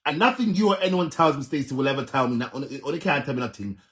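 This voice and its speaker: A man's voice: mid-range voice, expressive, very fast, a bit bright. A Jamaican man hosting a vlog, giving emphatic reaction commentary, repeating himself and often laughing. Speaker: vlog host.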